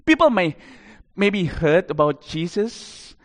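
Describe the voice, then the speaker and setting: A man preaching a sermon, telling a story animatedly with big swings in loudness. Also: high-pitched, very animated, takes it slowly, in a large hall.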